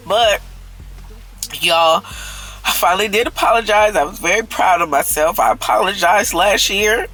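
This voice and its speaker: Woman vlogger, bright edgy voice, heartfelt storytime confession, talks straight to her viewers. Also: mid-range voice, moderate pace, faint music behind, low-quality recording. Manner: earnest, repeats herself, keeps addressing viewers as y'all.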